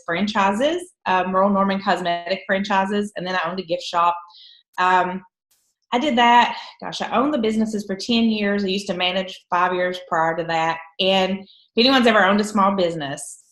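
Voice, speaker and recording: A woman's voice: mid-range voice, fairly bright tone. Woman, heavy eastern Kentucky accent, candid storytelling, frequent laughs, echoey phone call. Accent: Eastern Kentucky Appalachian. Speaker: guest trainer. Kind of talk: conference call training talk.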